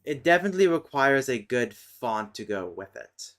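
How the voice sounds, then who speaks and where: A young man on a livestream, muttering slowly while he works through language notes. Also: medium pitch, sing-song, a bit bright. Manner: slow, mutters while working things out. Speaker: streamer. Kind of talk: casual livestream chat.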